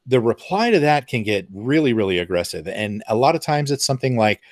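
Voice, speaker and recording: A man's voice: mid-range voice, lively intonation, brisk, hardly any pauses, dry recording. Man explaining in a dry, close sound. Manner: conversational, with lots of fillers and asides. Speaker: presenter. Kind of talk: explanatory talk.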